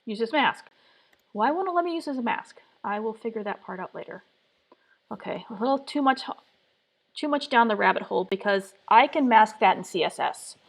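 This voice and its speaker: A woman's voice: fairly high pitch, expressive, brisk, vocal fry. A woman streaming live from her home workspace. She mutters to herself as she tries things out, one attempt after another. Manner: muttering, trial-and-error self-talk. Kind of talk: live design stream, thinking aloud.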